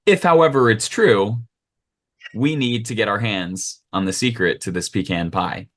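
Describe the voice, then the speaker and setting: A man's voice: fairly low pitch, lightly acted. A man doing a bossy minion boss's interpreter. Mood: commanding. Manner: brisk, bossy briefing. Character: gruff male interpreter for a boss, commanding.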